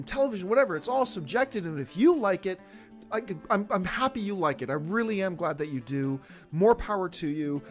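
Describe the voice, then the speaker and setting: Exasperated man ranting with lively swings. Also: high-pitched. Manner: exasperated, emphatic, sarcastic. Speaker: host. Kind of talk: opinion rant.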